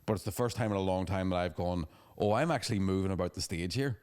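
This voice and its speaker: Casting note: man, thirties, quick sweary anecdotes, lowish voice. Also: a little mellow, smooth. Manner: fast, sweary storytelling with laughing asides. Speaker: podcast co-host. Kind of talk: casual chat.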